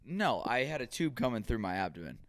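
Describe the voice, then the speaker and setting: A man's voice: mid-range voice, very animated, brisk, no echo, studio quality. A man co-hosting a casual podcast, telling rambling stories and acting out quoted dialogue. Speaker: podcast co-host.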